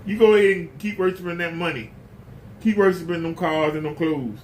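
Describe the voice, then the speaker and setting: Man preacher, casual spoken sermon, emphatic and folksy, slightly high voice. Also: lively intonation, a little fast, slight background noise.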